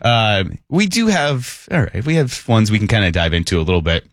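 A man hosting a morning sports radio show, talking quickly and casually and laughing often. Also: lowish voice, very animated, dry recording, studio quality.

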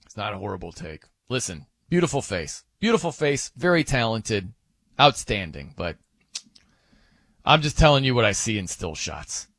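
A man hosts sports radio in loose, joking banter, his pitch jumping all over as he rambles along with fillers. The sound is close and dry off a studio mic, with no room around it. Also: big pitch swings, moderate pace, fairly bright tone, no room sound. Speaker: sports radio fill-in host.

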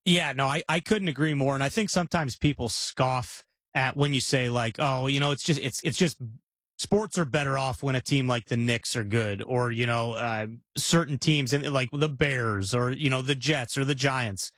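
A man's voice: mid-range voice, normal speed, a bit bright, no room sound. Easygoing male sports co-host, dry sound. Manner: agreeable, loose, many restarts. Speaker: podcast co-host. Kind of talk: casual sports talk.

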